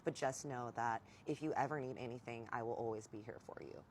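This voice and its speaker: A woman voicing her tipsy ex-boyfriend, a grown man who talks softly and earnestly as he apologizes. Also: very deep voice, fast, a little hiss or hum. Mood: apologetic.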